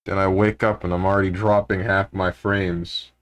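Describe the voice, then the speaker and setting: A man's voice: low-pitched, flat delivery, moderate pace. A man streaming live, chatting casually and grumbling to his chat. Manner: laid-back, grumbling, talks to chat.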